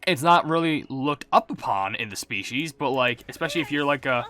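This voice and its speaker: A man casually reading out viewer comments as a gaming YouTuber, rambling and self-mocking, relaxed as if he just woke up. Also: mid-range voice, a little fast. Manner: rambling, self-mocking, swaps swear words for silly substitutes; relaxed and laid-back.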